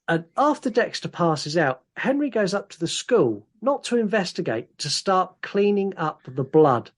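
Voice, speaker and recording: A man co-hosting a podcast, recapping a horror film in a casual, animated way with swearing and laughter. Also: fairly high pitch. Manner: animated, recounts the plot with sweary asides and laughs. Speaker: podcast co-host. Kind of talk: casual film review chat.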